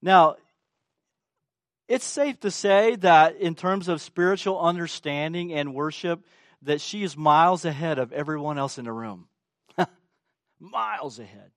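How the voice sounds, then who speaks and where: A male preacher delivers a sermon in a high voice, taking his time over each phrase. He leans on emphasis and tosses rhetorical questions out to his listeners. The sound is dry and close. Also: a little slow, dry recording.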